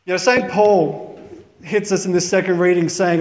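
A man's voice: sits high, fairly even intonation, normal speed, echoey room, in a large hall. A man giving a conversational, reflective sermon in a chapel. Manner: conversational, reflective, many "you know" fillers. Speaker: priest.

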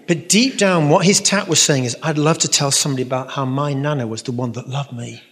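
A man of middle pitch talks through his stories in an earnest, meandering way, often breaking off into asides. His voice echoes with a long tail, as in a large hall. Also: brisk, fairly bright tone. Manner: earnest, rambling storyteller with asides. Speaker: Catholic speaker and musician answering questions. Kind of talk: storytelling talk with audience Q&A. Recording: reverberant hall.

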